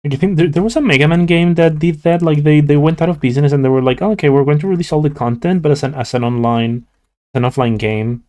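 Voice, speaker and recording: A man's voice: fairly high pitch, fast talker, warm tone. A sleepy young man streaming, chatting casually with his viewers and rambling with lots of "like" fillers and restarts. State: sleepy, yawning. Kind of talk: casual chat with live chat while drawing.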